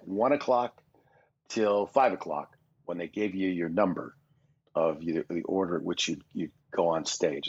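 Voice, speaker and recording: A man in his sixties from Canada talks in a very low, husky voice as a podcast guest. He rambles through self-deprecating anecdotes with plenty of restarts. The recording is dull and lo-fi. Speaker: guest voice actor. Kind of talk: casual podcast interview.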